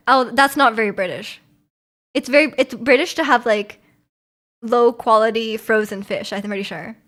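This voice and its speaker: A woman's voice: a little high, moderate pace, a bit bright. A woman, from Vancouver, chatting casually with her stream viewers in a rambling, giggly way full of fillers. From Vancouver, Canada.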